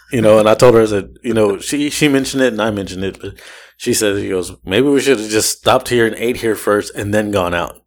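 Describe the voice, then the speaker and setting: On a casual podcast, a male host with a fairly low-pitched voice tells a rambling story with lots of energy. He swears freely, laughs between lines, and launches into quick impressions of the people he encountered.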